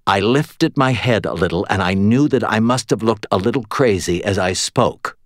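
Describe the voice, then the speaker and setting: A man's voice: lowish voice, moderate pace, no room sound, studio quality. A man reading a first-person story aloud, wry and tired in tone. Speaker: audiobook narrator. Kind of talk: first-person scripted narration.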